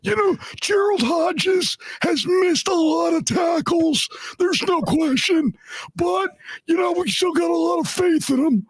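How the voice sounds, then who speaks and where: A man putting on a high, shouting voice as a blustering, defensive football executive. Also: a little slow, no echo. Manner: high strained shouting, laughing through it.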